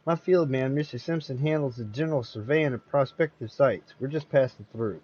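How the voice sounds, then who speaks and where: A man voicing a smooth-talking male con man who passes himself off as an oil locator, breezy and ingratiating. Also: mid-range voice, brisk, darkish tone, lo-fi sound, natural voice.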